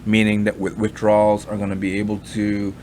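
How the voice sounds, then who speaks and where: A man's voice: lowish voice, monotone, brisk, a little mellow, a little hiss or hum. A man giving rambling, skeptical commentary in a casual chat, with fillers and many asides. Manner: skeptical, mocking tone. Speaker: crypto commentary vlogger.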